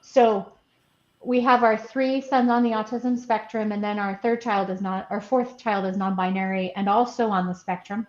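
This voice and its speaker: A woman's voice: medium pitch, steady tone, moderate pace. Laughing mother in a roomy, muffled recording. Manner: chatty, laughs often while telling stories. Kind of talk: casual chat.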